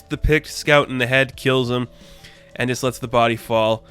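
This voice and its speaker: An excitable man talking through a comic book review in a loose, slangy way. His voice is smooth and clear at an ordinary middle pitch. Soft music plays faintly behind him. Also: moderate pace. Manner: excitable, slangy, peppers talk with "man" and "crazy". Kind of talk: casual review monologue.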